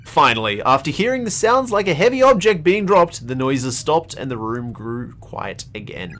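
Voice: mid-range voice, very animated, moderate pace, fairly bright tone, faint music behind. A streamer giving a dramatic reading of horror game text, theatrical and prone to acted pleading and screams. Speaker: let's play streamer.

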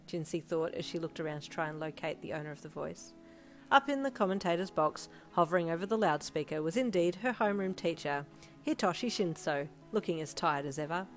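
A woman reading her own fanfiction aloud in an expressive narrating voice. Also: low voice, a little fast, soft background music, poor audio. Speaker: fanfiction reader. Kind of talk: story narration.

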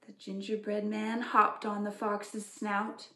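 A woman librarian reading aloud at a preschool storytime, animated, gently asking children questions. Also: medium pitch, slow pace, hardly any pauses. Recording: echoey room.

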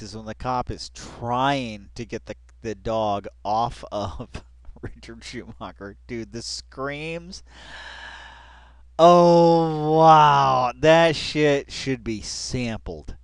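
A man in a middle pitch riffs through a reaction video, worked up and laughing, calling everyone "dude." The sound is dry and close, from a headset mic at home. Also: dry recording. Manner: excitable, says "dude" constantly, breaks into laughter. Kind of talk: casual reaction commentary.

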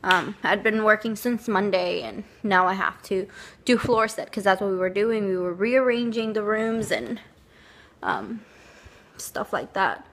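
A woman's voice: mid-range voice, lively intonation, unhurried. A young woman chatting casually to camera, telling a rambling story with lots of fillers. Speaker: vlogger.

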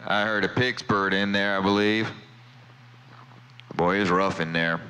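A man's voice: fairly low pitch, fairly even intonation, a little slow, background noise. A man chatting on CB radio from his home station, friendly and repeating his call sign and sign-offs. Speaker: CB radio operator. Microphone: CB radio microphone.

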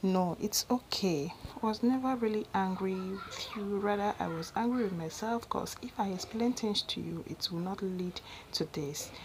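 An anxious, impulsive young woman in love, pleading in an earnest, slightly shaky voice, as a Nigerian woman reads her lines. Her Nigerian accent carries through a mid-pitched voice. She sounds like a character in a storybook. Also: moderate pace, a little hiss or hum, lightly acted, low-quality recording. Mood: remorseful. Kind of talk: storybook narration with voiced dialogue.

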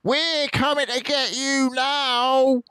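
An older man voicing Bunce, a dwarfish, pot-bellied male farmer who yells in a shrill, gloating voice. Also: flat delivery, takes it slowly, smooth, no echo, clean studio sound, full character voice. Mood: gloating, savage.

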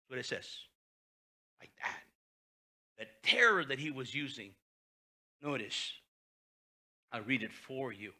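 A male pastor preaching a sermon, reading scripture aloud with animated, dramatic delivery. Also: mid-range voice, a little slow, pauses often, husky.

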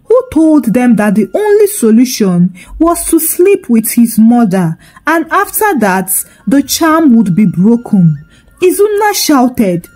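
A woman's voice: on the high side, warm tone, poor audio. A woman narrating a folktale in a dramatic storytelling manner.

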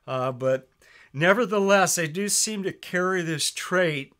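A man preaching a sermon, reading scripture aloud with emphasis and dropping his voice softly when he addresses his listeners as beloved. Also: fairly high pitch, unhurried. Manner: reads scripture in a raised, emphatic voice, drops soft on "beloved".

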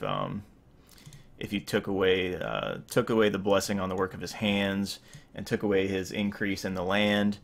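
A man in his thirties preaches in a loose, conversational way, stopping and restarting often. His voice sits low and carries a strong gravelly fry. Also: moderate pace. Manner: rambling, with many fillers and restarts. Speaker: pastor. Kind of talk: informal sermon.

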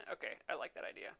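A young adult woman hosting a casual craft livestream, chatting and reading viewer comments aloud with frequent laughs. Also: pushed and bright. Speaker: embroidery livestream host.

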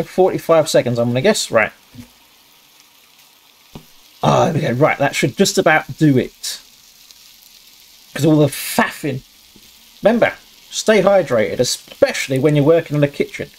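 Sweary man with a lively, jumpy voice. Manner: swears a lot, talks himself through the tasks; yelps high when things go wrong. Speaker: gaming channel host. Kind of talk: casual gameplay commentary.

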